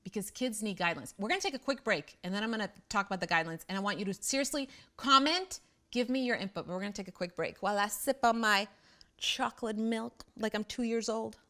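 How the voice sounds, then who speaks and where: A middle-aged woman hosting a parenting show, talking casually and bluntly straight to the camera, quick to poke fun at herself. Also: medium pitch, fairly bright tone. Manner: blunt, self-deprecating, chatty. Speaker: parenting host.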